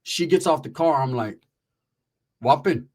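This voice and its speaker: Speaking at a measured pace with a fairly high pitch, this Northern California man recounts a wild personal story. His profane street slang mixes in Spanish words, and he gets animated, playing the characters as he goes.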